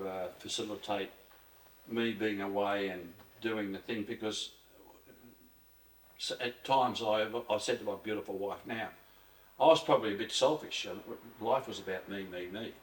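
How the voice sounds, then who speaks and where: In a low-ish, fairly even, unhurried voice, an older man from Australia reminisces as an interview guest. His stories wander and stay earthy, with restarts and gentle swearing, and the casual conversation is captured from afar in a roomy space.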